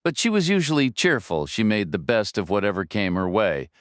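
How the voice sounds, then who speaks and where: A man narrates a first-person thriller audiobook in a measured, low-key, dry manner. His voice sits low and sounds smooth and resonant. The recording is close and dry. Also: big pitch swings, no room sound.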